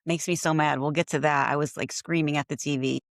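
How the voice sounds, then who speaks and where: Woman co-host, lowish voice, dry close mic, emphatic and exasperated. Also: fairly even intonation, fairly quick, dry recording. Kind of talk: casual gossip chat.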